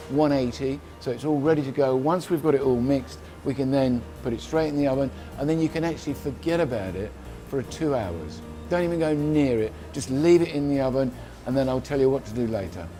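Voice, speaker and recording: A man from London with a mellow, medium-pitched voice gives a laid-back cooking demonstration. He's chatty and rambling, correcting himself frequently as he goes.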